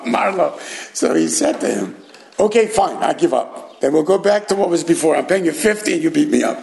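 Animated man teaching Talmud, gravelly voice. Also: rough recording. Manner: translates Aramaic line by line, acts out characters with jumps in pitch. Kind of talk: storytelling Talmud class.

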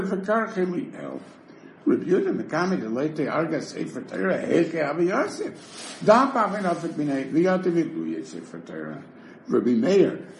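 A man teaching a Talmud class, rapidly reading Hebrew and Aramaic text and explaining it in English. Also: a little high, creaky. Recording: echoey room with faint noise.

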